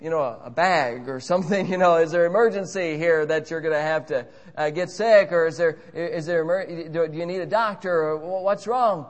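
Flustered stammering stewardess, higher voice, a preacher putting her on, comic sermon bit. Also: brisk, few pauses, lightly acted. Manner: stammering, repeating "sir". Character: flustered polite female flight attendant.

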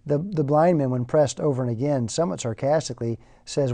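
Male preacher, conversational sermon delivery, mellow warm tone, mid-range pitch. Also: fairly quick, few pauses. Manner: conversational, repeats words as he goes.

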